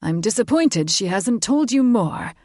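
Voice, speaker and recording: A woman's voice: mid-range voice, animated, a little slow, no room sound, studio quality. A woman narrator voicing a haughty, condescending male fae lord in an audiobook. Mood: coaxing. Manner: condescending, faintly mocking. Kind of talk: audiobook character voice.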